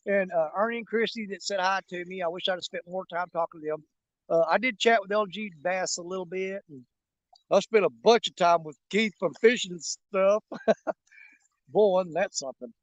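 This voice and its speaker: High-voiced folksy man. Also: moderate pace, no echo. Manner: rambling, folksy, jokey, with frequent fillers. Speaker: fishing channel host. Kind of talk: casual live-stream chat to viewers. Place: outdoors by a river.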